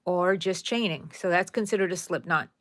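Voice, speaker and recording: A woman's voice: on the low side, moderate pace, a bit bright, no room sound. Chatty woman teaching crochet. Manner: chatty, talks to viewers as y'all, counts stitches aloud. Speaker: crochet tutorial host. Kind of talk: casual crochet tutorial.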